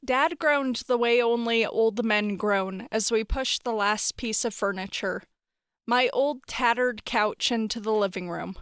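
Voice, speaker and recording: A woman narrating a horror story in a wry, expressive storytelling manner. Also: on the high side, unhurried, clean tone, no room sound, clean studio sound.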